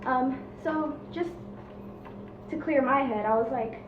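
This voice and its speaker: Woman server, chatty storytime, high voice, set back from the mic in a room. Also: measured pace. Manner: chatty, asks viewers directly. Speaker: restaurant server. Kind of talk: casual storytime. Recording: distant, roomy, dull lo-fi with background noise.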